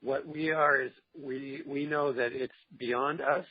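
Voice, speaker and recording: Speaking at a measured pace with medium pitch and fairly even intonation, this film producer sounds slightly rough. As an interview guest he's earnest and encouraging, with his faith guiding his words, over dull, lo-fi remote audio.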